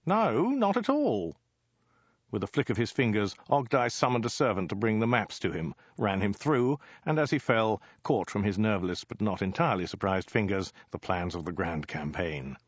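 Man, comic story narration, low voice, dry close sound, dull lo-fi. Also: brisk, hardly any pauses, dry recording.

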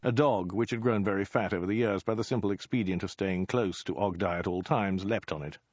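Brief: low-voiced male storyteller, dry and measured, dull lo-fi recording. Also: darkish tone, no echo. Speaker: narrator. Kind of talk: scripted narration of a comic story.

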